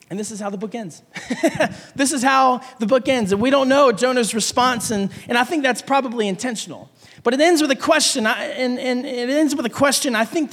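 A man with a fairly high voice preaches and reads scripture to his congregation, now and then stumbling and repeating himself. His voice carries a long reverb from the church hall around him. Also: a bit bright. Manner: stumbling, repeats words while reading aloud. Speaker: pastor. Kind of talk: sermon with scripture reading.

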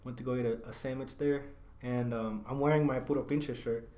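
A man's voice: mid-range voice, steady tone, a little fast, mellow. A young man hosting a podcast, chatting casually in a loose, slangy way with plenty of swearing and fillers. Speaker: podcast host. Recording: echoey room.

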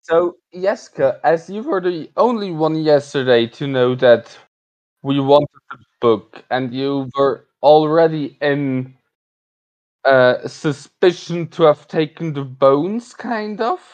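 Tabletop game player, measured, deliberate, slow. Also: mid-range voice, darkish tone, dull audio. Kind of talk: in-character tabletop play.

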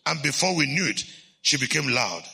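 Animated preacher man, bright gravelly voice. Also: medium pitch, normal speed. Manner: animated, laughing, swings from hushed to loud. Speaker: bishop, preacher. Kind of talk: storytelling sermon.

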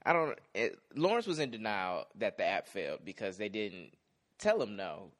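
A young man co-hosting a casual podcast, talking in a relaxed, easygoing way with many fillers. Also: fairly low pitch, moderate pace. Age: young adult. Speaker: podcast co-host. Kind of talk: casual chat recapping a TV episode.

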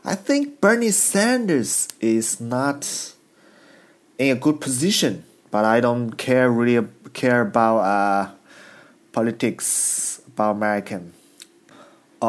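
A man doing a casual comedy monologue, halting, with broken grammar and many restarts. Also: medium pitch. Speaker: stand-up comedian.

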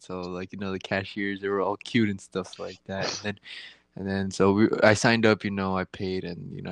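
A man's voice: sits low, creaky, dry recording. A young man telling a crude story in casual chat, rambling and slangy, laughing at his own jokes.

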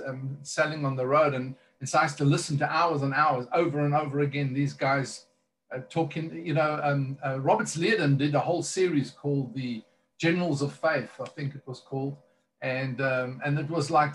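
A man's voice: a little high, a little hiss or hum. A man who is a minister, earnestly telling a personal testimony in conversation, rambling with many fillers and restarts.

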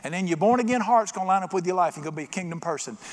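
A man's voice: high voice, animated, very fast. A middle-aged man preaching a sermon as pastor, folksy and storytelling, acting out little voices in his jokes. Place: church sanctuary. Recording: long church reverb.

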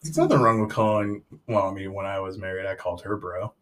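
A man's voice: deep voice, steady tone, quick pace. A man hosting a casual podcast chat with friends, joking and swearing freely. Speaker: podcast host. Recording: distant mic with crowd noise.

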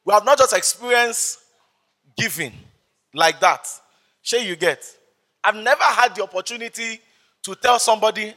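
Man, Nigerian accent, pastor, lively sermon storytelling, high voice. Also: moderate pace, pauses often. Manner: animated storytelling, acts out voices. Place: church service.

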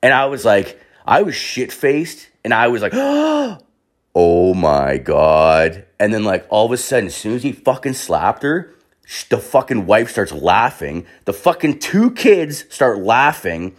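A man's voice: mid-range voice, very animated, normal speed. A man from Canada telling a wild party story in a casual, rambling way, swearing constantly and padding with "like". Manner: profane and rambling, heavy filler words.

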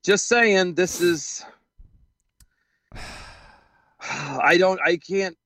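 A man co-hosting a casual commentary show, reading news aloud in a sarcastic, animated way and laughing often. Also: sits high, drawn-out words, no echo. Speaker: podcast co-host.

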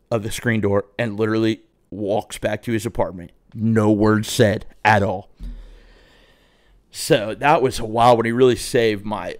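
A young vlogger with a mid-range voice tells his viewers a rambling, profane story in a casual way. The recording is clean studio sound with no room noise.

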